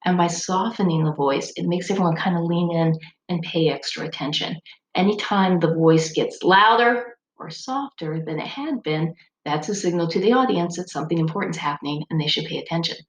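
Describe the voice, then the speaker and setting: Here the speech instructor talks briskly in a lowish voice, explaining things in a relaxed, conversational way with the odd um. The lecture was recorded in a roomy space, leaving an echo and faint noise in the background.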